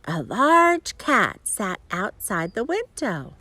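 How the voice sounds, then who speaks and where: A woman reading a children's storybook aloud, her pitch swinging widely and expressively. She reads slowly with a bright, clear tone. The sound is close and dry. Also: dry recording. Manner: animated, expressive, chuckling asides. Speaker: storybook reader.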